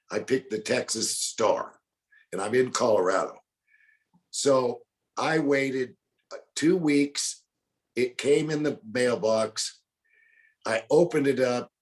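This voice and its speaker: An older man in his sixties with a drawl, telling folksy stories as an interview guest. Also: lowish voice. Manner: folksy, acts out other people's lines in the stories he tells. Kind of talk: casual storytelling.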